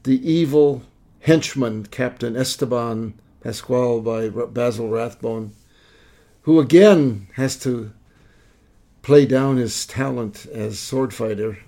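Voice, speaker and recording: A man co-hosting a casual film review chat, knowledgeable and measured, with a slightly formal turn of phrase. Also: mid-range voice, gravelly, mellow. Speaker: podcast co-host.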